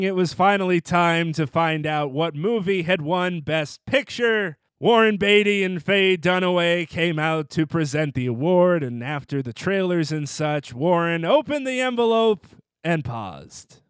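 A man's voice: high voice, smooth, no room sound. A man hosting a sports podcast, reading a scripted segment in a wry, playful way. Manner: wry, playful delivery with jokey put-on voices. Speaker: podcast host.

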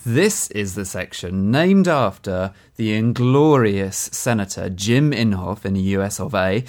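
A man's voice: fairly low pitch, animated, measured pace, hardly any pauses, a little mellow. A man co-hosting a podcast, explaining a news story step by step in a casual chat, with many ums. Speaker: podcast co-host.

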